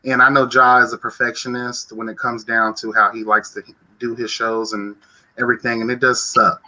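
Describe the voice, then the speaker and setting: A man's voice: medium pitch, little pitch movement, normal speed, bright, forceful tone, low-quality recording. A man on a video call, speaking in a sympathetic, laid-back way. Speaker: YouTube commentator on a panel. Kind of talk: casual panel discussion.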